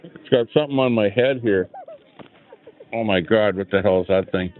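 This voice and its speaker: A low-voiced man rambling through a casual live stream outdoors, greeting his chat between remarks. The sound is tinny and phone-like. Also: moderate pace, slight background noise. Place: outdoor rally, sitting in a lawn chair. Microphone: small clip-on microphone.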